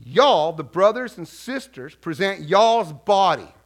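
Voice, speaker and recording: A man's voice: high-pitched, big pitch swings, full character voice. A man reading scripture in a put-on Southern American accent, drawing out each phrase with heavy emphasis. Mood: emphatic. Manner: slow, emphatic drawl. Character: apostle read in a drawling Southern voice.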